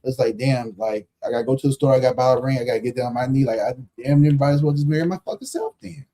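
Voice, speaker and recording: Hosting a live tarot stream, this man in his thirties talks rapid-fire in a warm, mid-range voice. He's blunt, slangy and profane, hammering points home by repeating them and laughing often.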